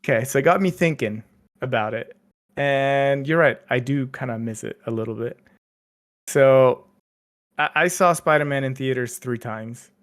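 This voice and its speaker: Guy co-hosting a podcast, chatty, says like and uh a lot, mid pitch voice. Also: moderate pace. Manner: chatty, lots of fillers and restarts. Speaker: podcast co-host. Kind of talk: casual chat.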